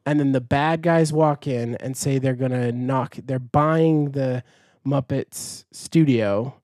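Chatty young podcast host, mellow voice. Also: male voice, mid-range voice, takes it slowly, no room sound, studio quality. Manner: chatty, rambling, giggly. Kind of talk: casual chat.

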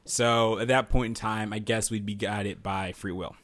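Excitable male podcast host, dry sound. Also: fairly low pitch, moderate pace, no room sound. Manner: excitable, laughs easily, thinks out loud. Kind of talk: casual podcast chat.

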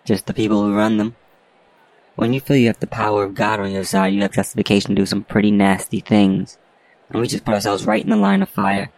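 A gruff, worn-out police chief who lectures bluntly and cynically, voiced by a man reading a storybook. His voice is low and gravelly, recorded dry and close. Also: brisk, darkish tone, dry recording, natural voice, rough recording. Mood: uneasy.

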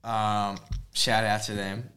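A man on a podcast, telling a story in a relaxed, rambling way. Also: on the low side, slow, clean tone. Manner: relaxed, rambling, lots of fillers. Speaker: podcast co-host. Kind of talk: casual storytelling chat.

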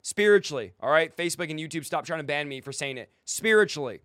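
High-voiced man preaching a fiery sermon. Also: animated, fast, fairly bright tone, no echo, clean studio sound. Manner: confrontational, mocking; exhorting, commanding.

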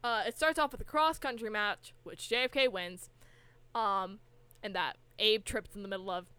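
A young woman chats casually on a podcast, recapping an episode with plenty of fillers and quick asides. Her voice is bright and crisp, a little higher than most. The sound is dry and close to the mic. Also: no room sound. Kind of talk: casual chat.

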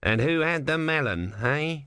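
A sulky small god in tortoise form, voiced by a man in a dry audiobook reading. He speaks high and needles sarcastically. His complaints come in a lively, bobbing voice. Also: measured pace, clean tone, no echo. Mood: peevish. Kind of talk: audiobook character voice.

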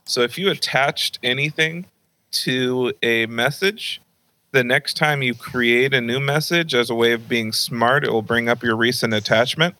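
Bright-voiced young man telling a story. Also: measured pace, poor audio. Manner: animated, acts out high-pitched voices of his mom and grandma. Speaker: podcast host. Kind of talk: casual storytelling.

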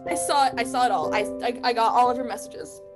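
A woman's voice: on the high side, fast, loud music behind the voice, close to an everyday voice. A woman voicing a desperate, devoted rescuer who speaks frantically and urgently, repeating words. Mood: fierce.

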